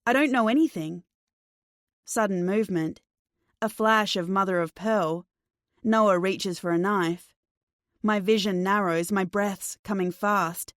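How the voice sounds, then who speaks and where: A woman narrating a first-person thriller audiobook in a slow, measured, tense way. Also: mid-range voice, fairly bright tone, dry recording, studio quality.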